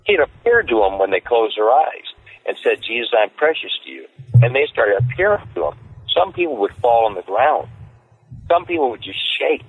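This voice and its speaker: A man telling stories as an interview guest, rambling and repeating himself as he gets excited. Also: medium pitch, moderate pace, husky, no echo. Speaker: street evangelist guest. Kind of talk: casual interview storytelling. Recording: tinny phone line.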